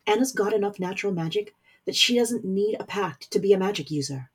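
Woman doing a tense young man, low growl. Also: animated, a little fast, husky. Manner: low, growled, gritted delivery.

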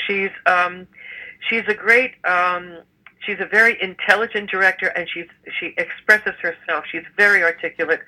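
Bright-voiced older woman, chatty. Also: on the low side, low-quality recording. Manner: chatty, rambling with frequent fillers. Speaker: musical theater actress, guest. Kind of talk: casual interview chat.

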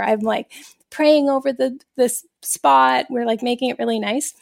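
A woman in her forties hosting a podcast interview, telling stories in a chatty, animated way with frequent laughs. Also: on the high side, normal speed, gravelly. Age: 40s. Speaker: podcast host.

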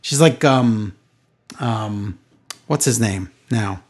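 A man's voice: fairly low pitch, slow, breathy edge. A man hosting a casual wrestling podcast, giving sarcastic recaps with mocking impressions. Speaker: podcast host.

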